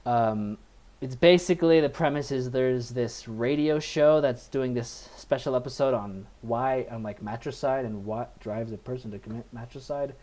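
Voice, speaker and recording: A man with a mid-range, dark-toned voice talks at a moderate pace with hardly any pauses. Co-hosting a podcast in a casual movie review chat, he rambles through a film's plot, piling on fillers.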